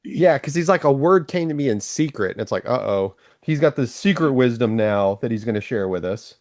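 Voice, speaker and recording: A man co-hosting a casual Bible discussion podcast, chatty and animated, often slipping into mock voices. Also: medium pitch, brisk, no room sound, studio quality. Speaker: podcast co-host.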